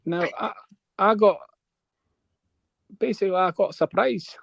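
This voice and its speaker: A man's voice: sits high, a little slow, gravelly, no room sound. A man telling a long rambling story on a live panel, checking in with his listeners. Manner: rambling, keeps checking in with "right?".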